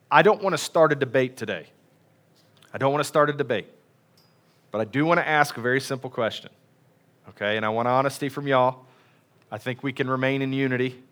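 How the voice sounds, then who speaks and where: A man's voice: fairly high pitch, sharp tone. A man preaching a casual, folksy sermon in a church, chatty and self-deprecating with many fillers. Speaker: pastor. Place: church sanctuary.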